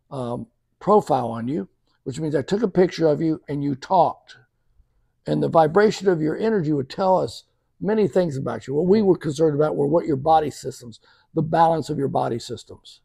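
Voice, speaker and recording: Podcast guest, male, fairly high gravelly voice, lively anecdote-teller, dry close sound. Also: no room sound. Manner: lively storyteller who acts out quoted dialogue. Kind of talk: conversational storytelling.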